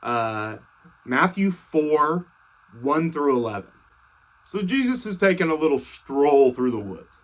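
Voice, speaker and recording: A young man irreverently retelling scripture as comedy, slangy and swearing casually. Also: fairly high pitch. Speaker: comedic storyteller.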